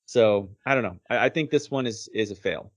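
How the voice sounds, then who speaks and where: A man's voice: lowish voice, brisk. A man co-hosting a podcast, talking through his opinions in a casual chat, thinking aloud with frequent restarts. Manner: thoughtful, hesitant with restarts. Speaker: podcast co-host.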